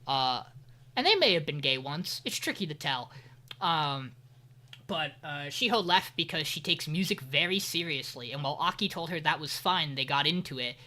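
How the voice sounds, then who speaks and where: A man chatting on a podcast, walking his co-hosts through an anime's latest episode. He talks in a loose, rambling way, drops casual profanity and slips in sarcastic asides. His voice sits bright and forward. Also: fairly high pitch, animated, moderate pace. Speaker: podcast co-host. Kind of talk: casual anime recap chat.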